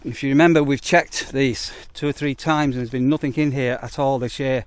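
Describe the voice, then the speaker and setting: Speaking briskly in a mid-range voice with hardly any pauses, this British campsite warden films a casual vlog while working outside. His talk wanders, full of ums, and he's short of breath.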